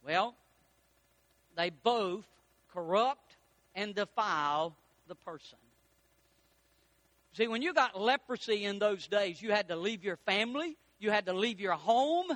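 Preacher guy, real high bright voice, folksy, slows way down to hammer points home. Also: animated, no echo. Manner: folksy preaching with dramatic rises and slowed emphasis. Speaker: pastor. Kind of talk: sermon.

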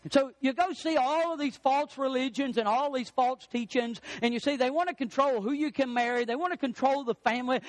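Male preacher, high voice, dry close sound; leans hard on stressed words. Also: dry recording. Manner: emphatic, drawn-out stresses on key words. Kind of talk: sermon.

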